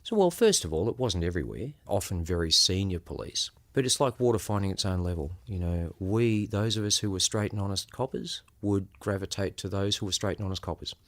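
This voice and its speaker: A man's voice: low voice, lively intonation. A man with an Australian accent, a former undercover police officer, recounting his experiences in a reflective, conversational way. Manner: unhurried, reflective, acts out quoted voices. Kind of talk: conversational storytelling.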